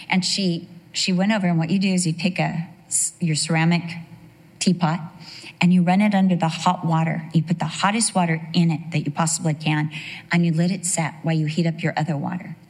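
A woman's voice: fairly low pitch, steady tone, fairly quick. A middle-aged woman giving a conversational sermon, telling chatty stories with asides and questions to her listeners. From United States. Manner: chatty storytelling with frequent asides and rhetorical questions. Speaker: Bible teacher.

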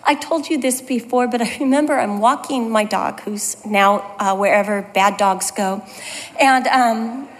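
A woman's voice: on the high side, measured pace. A woman teaching a Bible study in a conversational, self-deprecating storytelling manner. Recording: long hall reverb.

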